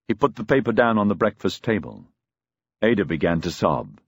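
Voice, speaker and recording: A man's voice: on the low side, sing-song, moderate pace, husky, no room sound, muffled recording. A man narrating a novel as an audiobook, telling the story expressively.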